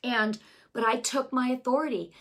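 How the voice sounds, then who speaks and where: A woman giving a passionate Christian healing testimony, repeating phrases for emphasis and building to near-yelling, then easing into conversational asides. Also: a little high, steady tone, moderate pace. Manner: conversational asides, many restarts and fillers.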